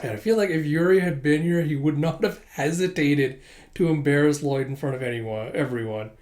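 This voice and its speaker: A man's voice: on the high side, a little fast, a little mellow. Chatty man recapping a comic. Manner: chatty, laughing, many fillers. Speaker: comic chapter reader and commentator. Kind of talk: casual chapter recap.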